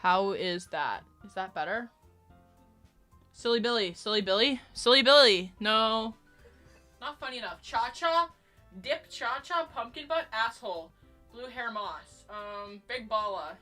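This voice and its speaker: Bright-voiced woman streamer chatting. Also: a little high, unhurried. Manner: chatty, swears, jokes with chat, sudden shouted outbursts. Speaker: livestreamer. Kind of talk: casual game livestream chat. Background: faint background music.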